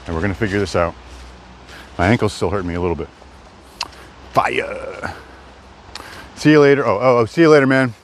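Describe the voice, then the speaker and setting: A man rambles to his live-stream viewers while hiking a wooded trail. His voice sits fairly low. Faint outdoor noise and the odd passing car sound behind him. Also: expressive, racing. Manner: rambling, chatty, talks to chat. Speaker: livestreamer. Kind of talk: live-stream walking vlog. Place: outdoors in woods.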